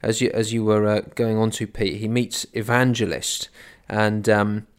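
A man's voice: on the low side, little pitch movement, moderate pace, smooth. A man co-hosting a casual book discussion podcast, reading passages aloud and tossing in tag questions. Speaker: podcast co-host.

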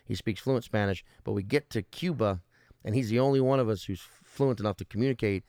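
A man's voice: fairly low pitch, fairly quick, warm tone, no echo, clean studio sound. A man talking casually, rambling and joking with lots of fillers, restarts and swearing. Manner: rambling, searching for words with many fillers and restarts; profane, joking. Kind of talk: casual conversation.

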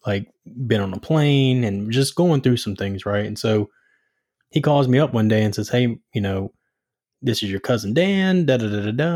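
A young man hosting a casual chat, relaxed and rambling as he shares his own story. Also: mid-range voice.

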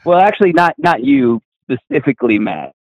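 A man's voice: medium pitch, very animated, fairly quick, no echo. A male caller on a phone line, talking effusively and gratefully to the hosts. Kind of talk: call-in chat.

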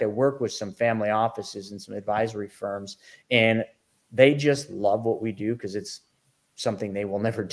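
Animated middle-aged man telling his story. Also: fairly low pitch. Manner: lively, acts out his own past reactions. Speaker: podcast guest, financial educator.

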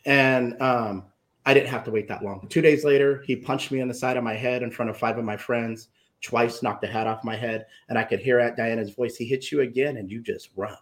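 A man's voice: medium pitch, steady tone, brisk. A man, a guest author, telling an emotional story from his own life and acting out the voices of the people in it.

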